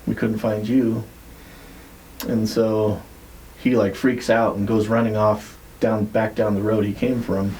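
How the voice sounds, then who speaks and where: A man's voice: on the low side, flat delivery, unhurried, darkish tone, low-quality recording. A man hosting a podcast, retelling a story in a loose, rambling way with lots of "like" and casual swearing. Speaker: podcast host.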